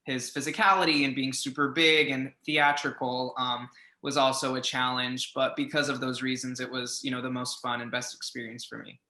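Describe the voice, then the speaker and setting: A man's voice: medium pitch, level tone, moderate pace, sharp tone, echoey room. A man on a panel, talking reflectively about his work. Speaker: actor on a fan convention panel. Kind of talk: casual panel chat.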